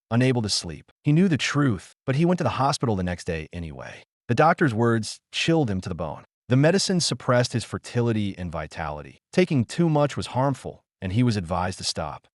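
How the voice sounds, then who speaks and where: A man's voice: medium pitch, big pitch swings, a little fast, few pauses, no room sound, studio quality. A man narrating a scripted dramatic story, with emphatic delivery.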